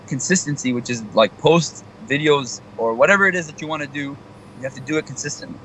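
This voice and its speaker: A young male comedian chatting as a radio guest, animated and motivational in tone. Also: a little high, fast, a little hiss or hum, low-quality recording. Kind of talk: casual radio interview chat.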